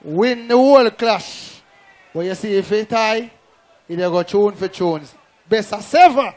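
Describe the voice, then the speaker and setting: A man with a Jamaican accent announcing the rules of a sound clash and shouting hype to the crowd. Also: high-pitched, unhurried.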